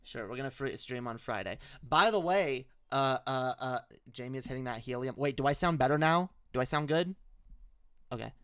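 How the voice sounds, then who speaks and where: A man's voice: medium pitch, expressive, moderate pace, a bit bright, clean tone, dry recording. A young man hosting a live stream with call-ins, chatting casually with loose slang, swearing and many restarts.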